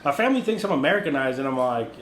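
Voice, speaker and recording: A man's voice: mid-range voice, rapid-fire. Laughing man, echoey room. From born in Mexico, raised in the US. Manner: laughing, relaxed, says dude and bro. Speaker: podcast co-host. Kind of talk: casual chat. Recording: echoey room with faint noise.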